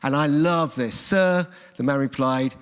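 A male preacher delivers an earnest sermon, repeating key phrases for emphasis. His voice sits a little high for a man, and a long reverb hangs in the large church around him. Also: unhurried. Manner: earnest, warm storytelling with emphatic repetition.

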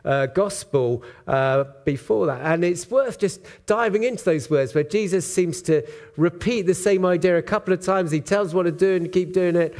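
A man preaching a sermon in church, in a relaxed conversational way with frequent ums and uhs. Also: high-pitched, normal speed. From Britain. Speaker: pastor.

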